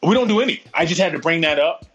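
A man's voice: a little high, lively intonation, quick pace, fairly bright tone, husky. A man in his forties co-hosting a casual podcast chat, blunt and profane, ranting freely. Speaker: podcast co-host.

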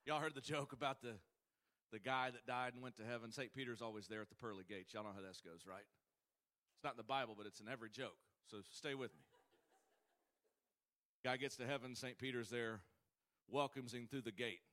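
A man preaching a sermon, folksy and joking, swinging between shouted points and quiet asides. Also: mid-range voice, a little fast, pauses often. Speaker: pastor.

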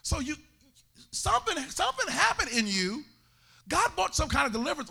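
A male pastor preaching a sermon in a church, swinging into sung and shouted climaxes. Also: very high voice, sing-song, brisk, vocal fry.

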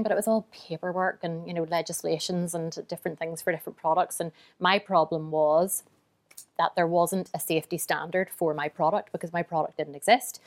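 Chatty woman founder, lowish voice. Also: vocal fry. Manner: chatty and open, tells stories through quoted inner thoughts; self-described emotional. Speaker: business founder and guest. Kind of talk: casual interview storytelling.

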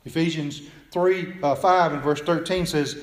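A man preaching a sermon in earnest tones, often dropping soft and low at the ends of phrases. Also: fairly even intonation, unhurried, roomy sound. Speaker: pastor.

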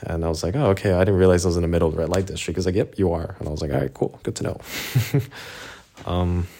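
A man with a deep, low-pitched voice tells a casual travel story. He talks in a relaxed, chatty way and slips into quoted dialogue as he recounts what everyone said. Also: very fast.

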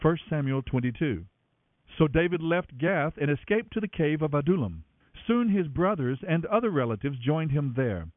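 Expressive male scripture reader on tinny radio. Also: on the high side, moderate pace, no room sound. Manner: dramatic, expressive narration. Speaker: Bible reader. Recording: tinny narrow-band radio, dry.

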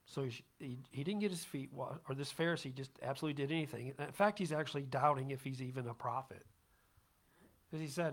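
A man's voice: mid-range voice, fast talker. A man preaching a casual, conversational sermon as pastor, chatty and self-deprecating, often checking in with his congregation.

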